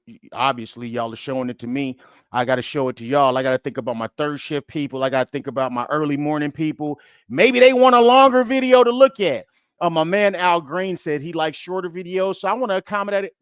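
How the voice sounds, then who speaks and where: A man's voice: a little high, clean tone, no room sound, studio quality. Chatty man hosting a reaction video. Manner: casual, chatty, talks to viewers as guys. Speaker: host. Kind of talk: reaction commentary.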